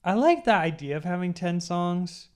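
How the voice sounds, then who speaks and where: A man's voice: high-pitched, animated, moderate pace. A young man co-hosting an album review show, blunt and wry, often restarting his sentences. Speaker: album review podcast co-host. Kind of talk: casual chat.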